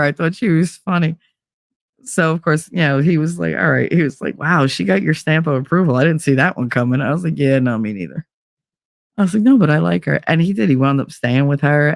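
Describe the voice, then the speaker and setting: A woman's voice: deep voice, expressive, a little fast, gravelly, dry recording, clean studio sound. A middle-aged woman, telling a story in casual, profane podcast chat, laughing and acting out the voices of the people in it. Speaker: podcast host.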